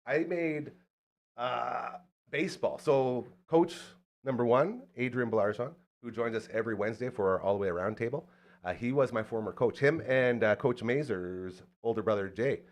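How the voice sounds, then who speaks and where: A man's voice: medium pitch, moderate pace. A man hosting a casual podcast chat, telling a long story with lots of energy and acting out the quotes. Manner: animated storyteller, acts out quotes. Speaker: podcast host.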